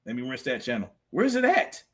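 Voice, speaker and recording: A man's voice: medium pitch, wildly swooping pitch, brisk, fairly bright tone, husky. A man hosting a live stream, reacting to clips with blunt, profane, mocking commentary. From family from Mississippi. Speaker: streamer host.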